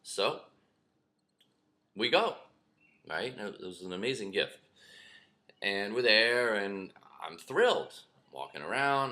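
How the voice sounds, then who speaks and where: Lively storytelling man with a bright voice. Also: lowish voice, takes it slowly, pauses often. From lives in New York. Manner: animated storyteller, acts out shouts and whispers. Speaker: spiritual teacher. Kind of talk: storytelling talk to camera.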